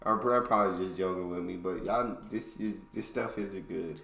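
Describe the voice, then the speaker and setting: A man's voice: sits low, moderate pace, vocal fry, fairly bright tone. Laid-back American man in an echoey room. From United States. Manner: laid-back, chatty, laughs along. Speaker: reaction video host. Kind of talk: casual reaction commentary.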